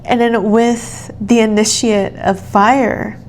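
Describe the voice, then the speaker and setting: A woman giving a soothing channeled tarot reading, speaking gently and affirmingly straight to the listener. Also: on the high side, level tone, slow, slight background noise. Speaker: tarot reader.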